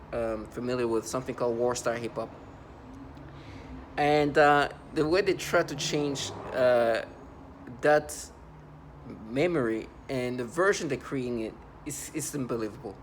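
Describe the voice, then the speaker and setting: A man in his thirties giving a rambling, halting personal monologue to the camera in an aggrieved tone. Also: mid-range voice, slight background noise.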